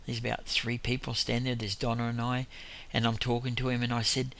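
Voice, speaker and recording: A man's voice: medium pitch, monotone, brisk, vocal fry, a bit bright. A man preaching in an informal testimony style, telling rambling stories with frequent chuckles.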